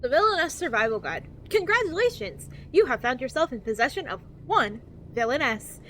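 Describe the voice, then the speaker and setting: A woman's voice: sits high, sing-song, brisk, fairly bright tone, slight background noise. A woman streamer reading game text aloud in a cheery infomercial-style voice and giggling often.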